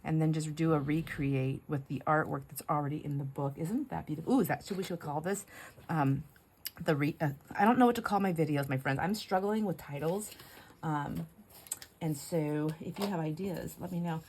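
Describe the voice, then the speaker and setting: A woman's voice: low voice, moderate pace, a little mellow, husky. A middle-aged woman hosting a craft video at home, chatting in a rambling way while she works, laughing often and sometimes dropping to a whisper. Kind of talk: casual chat while crafting.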